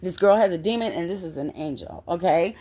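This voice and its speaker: A middle-aged woman telling a personal story in an animated way, often checking in with the listener. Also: lowish voice, fairly quick. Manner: animated, constantly checks in with "okay?".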